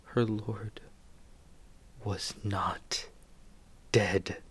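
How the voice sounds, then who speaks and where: A man's voice: on the low side, flat delivery, extremely slow, husky. A man preaching a sermon, retelling a story dramatically, dropping to near whispers and then rising sharply.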